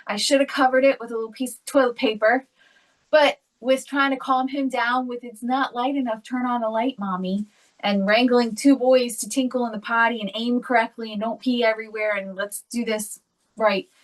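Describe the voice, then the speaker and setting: A woman's voice: fairly high pitch, fairly even intonation, moderate pace, far from the mic, poor audio. A woman co-hosting a podcast, telling a family story in a casual, chatty way and often laughing as she talks. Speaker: podcast co-host. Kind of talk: casual chat.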